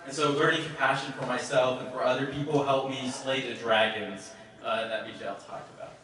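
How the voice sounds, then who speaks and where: A man's voice: medium pitch, fairly even intonation, a little fast, sharp tone. Young man in his twenties toasting, far and echoey. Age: 20s. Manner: stammering starts, joking. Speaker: party guest giving a toast. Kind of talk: casual speech.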